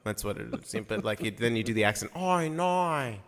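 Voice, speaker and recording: A man's voice: fairly low pitch, completely flat delivery, fast talker, a bit bright. A man performing at a live open mic webcast, bantering in a playful, teasing way with tumbling restarts. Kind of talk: casual banter between songs.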